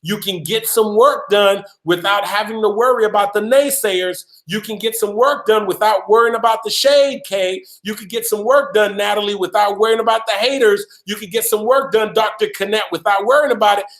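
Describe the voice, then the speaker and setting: An emphatic male motivational speaker with a high voice, hammering each point through repetition and calling out listeners by name. The sound is roomy and echoing. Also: moderate pace, hardly any pauses, fairly bright tone. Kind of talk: motivational talk on a live call.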